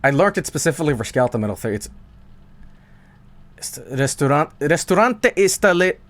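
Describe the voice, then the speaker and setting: A man's voice: medium pitch, animated, quick pace. A man with a thick Swedish accent rambling casually to his stream chat, profane and full of asides.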